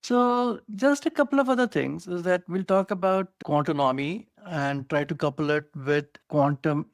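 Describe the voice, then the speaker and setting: A man with an Indian accent co-hosts a casual tech podcast, eagerly explaining technology and using "you know" a lot. His voice is a little high with vocal fry, and the recording is dry, with clean studio sound.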